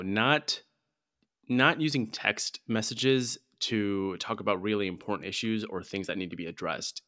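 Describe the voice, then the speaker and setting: A man co-hosting a podcast, eager and casual, with filler words running through his speech. His voice is a little low in pitch but has a bright, forceful edge. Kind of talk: conversational podcast discussion.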